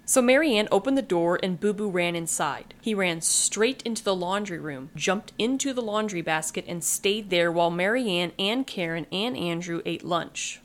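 A woman podcast host reading a children's book aloud, lively and acting out the characters. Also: on the low side, moderate pace, few pauses.

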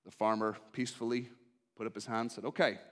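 A man preaching a sermon, impassioned and pleading, who moves from hushed tones to shouting and repeats his appeals. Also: on the low side, flat delivery, fast talker, slight background noise.

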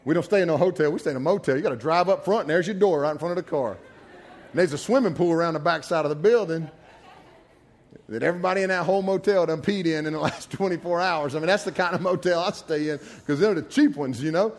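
A man's voice: on the high side, quick pace. A man preaching a sermon, telling folksy personal stories with frequent laughter. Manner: animated storyteller, laughs often, folksy asides.

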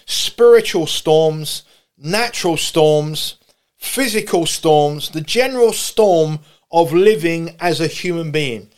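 A man preaching a sermon, impassioned, with rising shouted pleas as he retells the story. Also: a little high, animated, slow. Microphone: camera broadcast.

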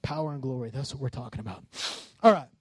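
A man preaching a sermon as pastor, passionate and rising to shouts on key lines. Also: medium pitch, fast talker, husky, dry recording.

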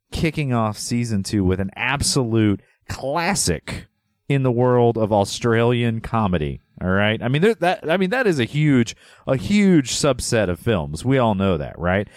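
A man's voice: medium pitch, darkish tone, no echo, clean studio sound. A man hosting a movie podcast, talking in casual chat with playful, teasing banter. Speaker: podcast host.

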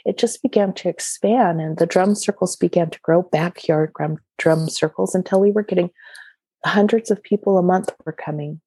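A woman with a low, mellow, dark voice tells a personal story in an easy, conversational way. She is animated and laughs often as she talks. The recording is close and dry. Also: moderate pace, breathy edge, no room sound. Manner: animated, laughs often while telling stories. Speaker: guest.

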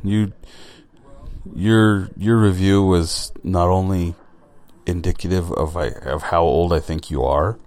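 A man's voice: deep voice, fairly even intonation, slow, darkish tone. A man hosting a solo podcast, talking in a blunt, rambling way and swearing casually. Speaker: podcast host.

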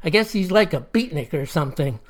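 A narrator voicing the solemn ghost of an old statesman who speaks in a measured, earnest way. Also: on the high side, animated.

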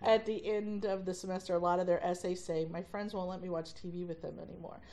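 A woman who teaches college, a podcast guest, chatting casually and telling stories with lively acted-out dialogue. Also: lowish voice, quick pace. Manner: animated storyteller who acts out dialogue.

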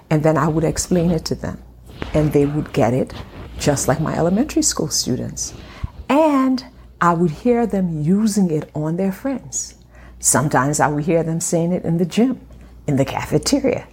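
A middle-aged woman hosting a faith podcast from her home, talking in an encouraging way and slowing down to stress her points. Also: low voice, lively intonation, darkish tone, husky. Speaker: podcast host. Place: home room at a glass table.

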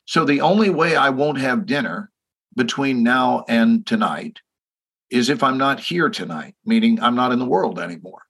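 A man's voice: mid-range voice, animated, moderate pace, fairly bright tone, breathy edge. A man in his sixties with a Texan accent, a podcast guest telling stories emphatically and asking listeners rhetorical questions. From Texas. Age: 60s. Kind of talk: podcast conversation.

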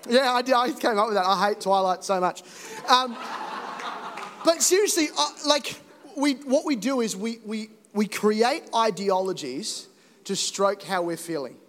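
Young male pastor, high voice, jokey then fervent sermon, long church-hall reverb. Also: unhurried. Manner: animated, joking, rising to emphatic exhortation. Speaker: preacher. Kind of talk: energetic sermon.

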